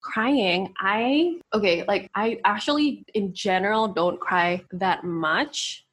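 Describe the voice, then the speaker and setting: A woman's voice: mid-range voice, lively intonation, takes it slowly, a bit bright, breathy edge. A woman in casual, reflective conversation who laughs often. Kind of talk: casual chat.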